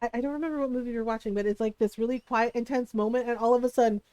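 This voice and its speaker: Woman streamer, middle-aged, high voice, dry close sound, chatty storyteller who laughs a lot. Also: steady tone, racing, warm tone, clear, resonant tone, dry recording. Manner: chatty storyteller, laughs often, acts out quotes. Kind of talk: casual chat while gaming.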